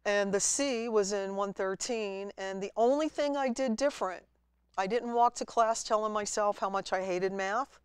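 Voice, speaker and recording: A woman guest at a college TV studio, telling her story in a lively way and acting out her own past words. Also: medium pitch, normal speed, smooth, no echo. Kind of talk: storytelling interview.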